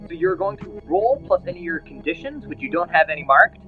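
A man runs a tabletop role-playing game as game master, spinning the scene with plenty of fillers and restarts. His voice sits fairly high and swings widely in pitch. The recording sounds a bit muffled. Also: very animated, fast, soft background music. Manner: storytelling with frequent fillers and restarts.

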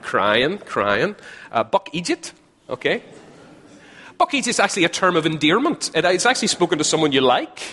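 Northern Irish preacher in a reverberant hall. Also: male voice, a little high, big pitch swings, fairly quick, sharp tone, breathy edge. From Northern Ireland. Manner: chatty, repeats phrases, jokes with the audience. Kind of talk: sermon. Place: large hall with a live audience.

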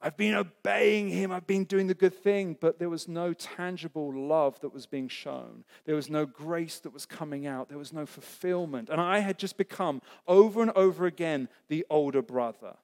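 A man's voice: on the high side, normal speed, gravelly, hardly any pauses, darkish tone. A man preaching a sermon as pastor, earnest and conversational, asking the congregation rhetorical questions. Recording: echoey hall.

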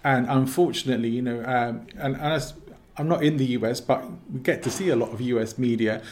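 Measured English man, guest. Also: mid-range voice, darkish tone, a little hiss or hum. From England. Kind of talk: casual interview talk.

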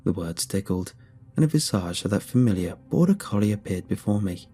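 A man narrating a horror story in a steady, measured way. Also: fairly low pitch, slightly rough. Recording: faint background music.

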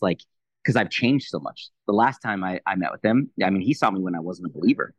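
A man in his thirties sharing a personal faith testimony in a quick, animated way, acting out both sides of a conversation. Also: sits low, dry recording, low-quality recording. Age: 30s. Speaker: Christian leader, podcast guest.

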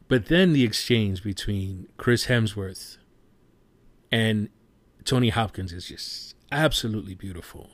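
A man's voice: mid-range voice, moderate pace, dry recording. A man giving a casual spoken movie review, passionate and rambling, who swears freely.

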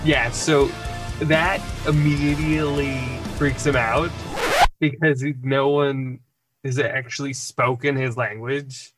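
A man's voice: medium pitch, fairly even intonation, takes it slowly, over loud music. A man running a tabletop game as game master, narrating in a hesitant way with many restarts.

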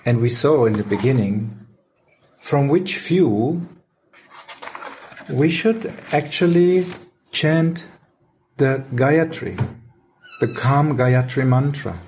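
A man slowly explaining devotional teachings in a discussion, with occasional light laughter. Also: mid-range voice, expressive, a little mellow, a little hiss or hum.

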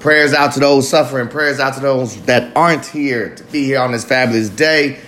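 A man's voice: medium pitch, moderate pace, a bit bright. A man hosting a live recovery talk show, talking loosely and profanely in a confessional monologue, sometimes drawing out his words. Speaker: podcast host.

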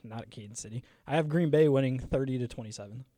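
A man co-hosting a casual sports chat, giving calm, reasoned takes. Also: mid-range voice, fast talker, slight background noise.

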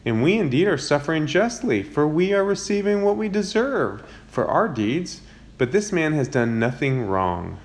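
A man's voice: on the high side, big pitch swings, normal speed, voice pushed up. A man reading the lines of a repentant condemned man aloud in a raised voice. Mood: earnest.

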